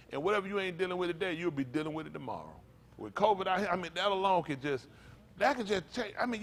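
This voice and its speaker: Male pastor, kinda high voice, aave, joking sermon style, acts out little scenes. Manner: conversational preaching with comic asides and acted-out voices.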